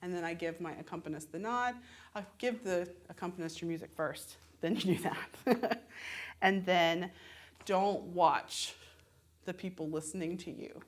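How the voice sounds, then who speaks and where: A woman's voice: on the low side, measured pace. Southern lady voice teacher, chatty and laughy, acts out little examples as she explains. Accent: Southern American. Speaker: voice and musical theatre instructor. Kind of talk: conversational teaching.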